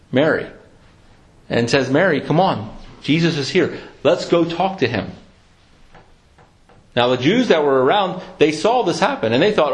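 An earnest man delivers a reflective sermon in a fairly high voice. He lingers over each scripture quote before returning to his own words. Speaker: preacher.

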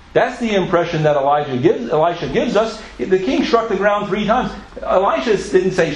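Earnest high-voiced preacher, echoey room. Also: male voice, animated, moderate pace. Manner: earnest, emphatic, asks the listeners questions; stumbles and repeats words mid-sentence. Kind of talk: sermon.

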